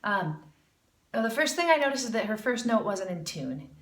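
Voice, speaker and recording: A woman's voice: mid-range voice, big pitch swings, moderate pace, reverberant, far from the mic. A woman teaching jazz singing, critiquing a student and demonstrating phrases with scat syllables in an encouraging way. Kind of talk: music lesson critique with scat singing demos.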